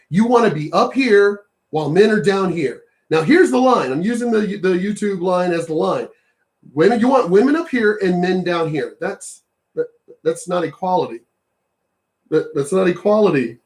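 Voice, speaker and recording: A man's voice: fairly high pitch, a little mellow. A man ranting bluntly in a casual commentary video, swearing often and repeating his points. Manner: blunt, profane, repetitive ranting. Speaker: commentary vlogger.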